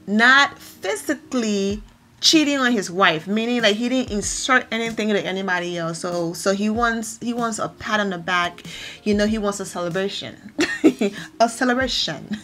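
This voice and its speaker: A woman hosting a casual reality TV recap, animated and opinionated with quick asides. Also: mid-range voice.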